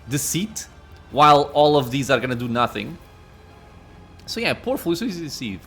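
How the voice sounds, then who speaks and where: Male gamer reading game text aloud and musing between choices, lively voice, slightly high, hesitant casual delivery. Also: measured pace, long pauses, soft background music. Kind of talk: let's-play commentary, reading game text.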